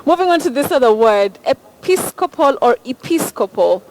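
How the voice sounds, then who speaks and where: A woman presenter, briskly putting word questions to a guest and spelling words out. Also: sits high, lively intonation, a little mellow, a little hiss or hum, rough recording. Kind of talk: on-air interview segment.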